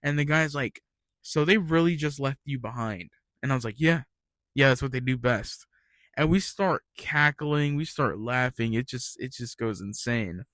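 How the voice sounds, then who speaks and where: A man's voice: medium pitch, normal speed, fairly bright tone, dry recording. A young man telling retail work stories in a rambling, ranting casual monologue, swearing freely.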